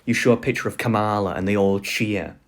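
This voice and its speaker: A man's voice: lowish voice, fairly even intonation, brisk. A man giving a casual online lecture, loose and full of fillers, often laughing.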